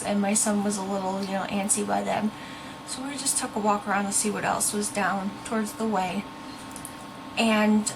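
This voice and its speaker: Here the young female vlogger, who hunts ghosts, addresses her viewers at a medium pitch over a noisy background. Her talk is casual yet earnest, broken by the odd pause while she hunts for a word.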